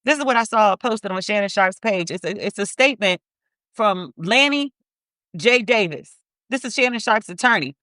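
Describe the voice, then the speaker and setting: A woman's voice: medium pitch, animated, moderate pace, fairly bright tone, no room sound. A woman hosting a podcast in blunt, profane commentary, repeating words for emphasis as she reads statements aloud. Her voice sits in the middle of the range. The sound is dry and close, with no room around it. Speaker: podcast host. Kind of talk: casual commentary.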